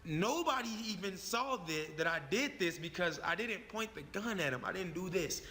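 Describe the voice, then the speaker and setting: A man's voice: sits high, animated, normal speed, sharp tone, long reverb tail. A man telling a personal story in a profane, emphatic way, repeating his phrases for effect. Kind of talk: animated storytelling.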